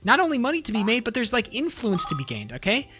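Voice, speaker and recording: A streamer in a heated, profane live-stream rant, full of restarts and repeated words, at times rising to shouts. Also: medium pitch, wildly swooping pitch, quick pace, faint music behind. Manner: rises to shouting when angry.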